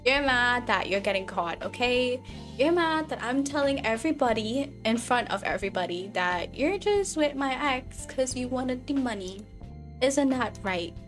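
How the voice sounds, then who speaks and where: A woman's voice: a little high, expressive, moderate pace, fairly bright tone, faint music behind. A woman voicing a haughty rich lady in a life-sim game. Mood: taunting. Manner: sassy, taunting.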